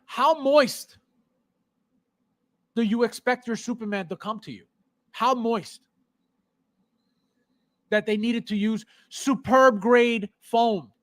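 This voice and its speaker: A man's voice: high voice, fairly even intonation, normal speed, few pauses, fairly bright tone, dry recording. A man hosting a collector's live show, ranting heatedly and sarcastically at viewers, repeating himself in exasperation. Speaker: podcast host. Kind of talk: live stream chat with viewers.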